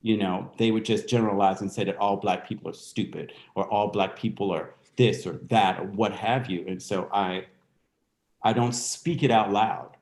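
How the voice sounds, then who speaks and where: A man's voice: lowish voice, steady tone, normal speed, darkish tone, reverberant. A man speaking as a guest in a candid interview, reflective and thinking aloud with restarts. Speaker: guest dancer.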